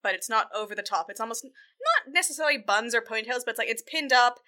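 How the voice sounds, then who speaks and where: A woman casually recapping a film as a podcast co-host, chatty and animated with lots of filler words. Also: a little high, fast.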